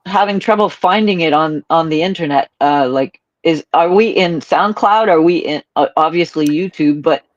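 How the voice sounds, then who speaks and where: A slightly high-voiced man, hesitant and stumbling over his words as he is coached. His voice comes through a dull, lo-fi line. The sound is dry, with no room at all. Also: moderate pace, hardly any pauses, dry recording. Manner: hesitant, restarts often. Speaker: caller seeking coaching. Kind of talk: coaching conversation.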